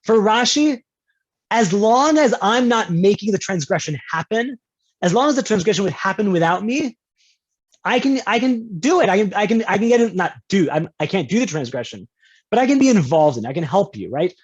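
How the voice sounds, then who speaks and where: A man lecturing to a class over a video call, relaxed and conversational. He keeps checking in with his listeners and jumps up in pitch when he quotes someone in an example. The audio is dull and lo-fi. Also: brisk, slightly rough. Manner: conversational, often checks in with "right?". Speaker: rabbi teaching a class. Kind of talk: online lecture on Jewish law.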